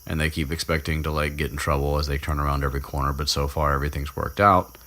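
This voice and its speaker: A man's voice: extremely low pitch, level tone, fast, sharp tone. A young man hosting a podcast, recapping a story in a rambling, casual way, chuckling and swearing freely. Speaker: podcast host.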